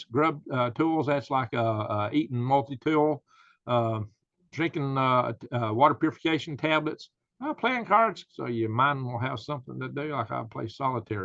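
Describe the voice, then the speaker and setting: A man's voice: medium pitch, fairly bright tone, no room sound. A man hosting his own channel, talking in a rambling, folksy way with lots of fillers and little chuckles. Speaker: channel host. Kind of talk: casual commentary. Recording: dry, slightly dull lo-fi sound.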